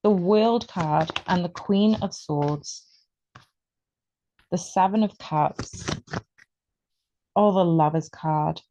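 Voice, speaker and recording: A woman giving an excitable, emotional tarot reading, stretching out her words for emphasis. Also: on the low side, slow pace, pauses often, slight background noise, poor audio. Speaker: tarot reader.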